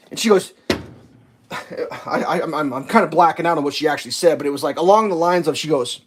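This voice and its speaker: High-voiced man ranting about a store clerk. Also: lively intonation, quick pace, a little hiss or hum. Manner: exasperated, restarts often, laughs at own story. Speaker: vlogger. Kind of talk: casual storytelling rant. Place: home kitchen, making breakfast.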